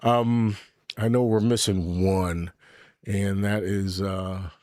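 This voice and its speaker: A middle-aged man with a somewhat low voice talks loosely into a desk mic, hosting his own livestream podcast. He rambles, drifts between thoughts and swears without a filter while he answers the viewers in the chat. The sound is close and dry. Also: fairly even intonation, takes it slowly, darkish tone, no echo. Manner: rambling, candid, swears freely; reads and answers live chat. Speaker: podcast host. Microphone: desk mic with camera.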